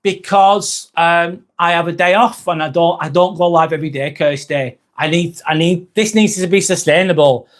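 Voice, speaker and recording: Blunt, sweary man, fairly high voice. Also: normal speed, few pauses. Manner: confessional, reads viewer comments aloud. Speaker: live-stream host. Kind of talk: candid live-stream chat.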